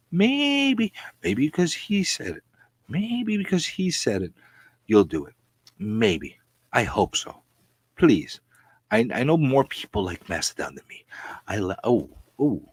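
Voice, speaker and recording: A man on a live stream doing a mock-seductive, hushed, calm voice in a low, breathy half-whisper. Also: full character voice. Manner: slow, soft, teasingly sultry. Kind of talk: live-stream comic put-on voice.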